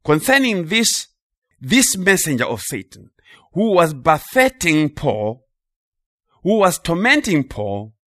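A man preaching a sermon with emphasis, repeating key phrases and slowing on important words. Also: on the high side, sing-song, a bit bright, dry recording, clean studio sound.

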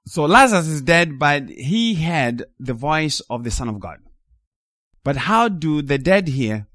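Male preacher, sermon, emphatic delivery, dry sound, very expressive pitch. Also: a little slow, no echo. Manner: animated, rising to emphatic peaks and dropping low.

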